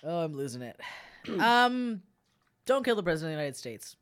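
A woman's voice: low-pitched, sing-song, a little fast, smooth. A woman hosts a podcast in loose, casual chat. She rambles and jokes, often breaking off mid-sentence to start over. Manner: rambling and jokey, with frequent restarts. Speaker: podcast host.

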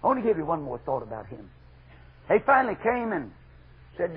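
A middle-aged man preaching a fervent revival sermon, moving from loud exhortation to hushed asides. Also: fairly high pitch, very animated, fairly quick, pauses often, breathy edge. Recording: dull lo-fi archival sermon recording.

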